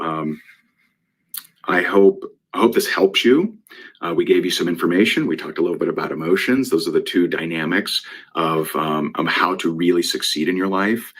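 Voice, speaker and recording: A man's voice: deep voice, a bit bright. A man speaking as a guest business coach, telling a client story in a conversational way and often asking "right?".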